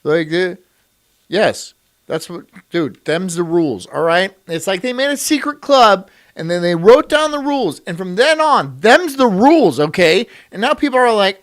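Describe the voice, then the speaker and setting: A man's voice: high-pitched, very animated, normal speed, a bit bright. A man streaming, chatting casually in a crude, rambling way and laughing often.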